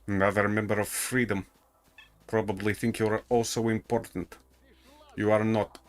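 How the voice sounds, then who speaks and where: A man's voice: on the low side, flat delivery, normal speed, lightly acted. A man putting on a very well-spoken British accent as a haughty soldier who talks down with clipped disdain. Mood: contemptuous. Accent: put-on posh British.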